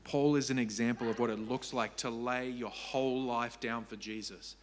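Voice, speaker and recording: A man's voice: mid-range voice, steady tone, normal speed, a little hiss or hum. A man preaching a sermon as pastor, earnest and repeating key phrases for emphasis.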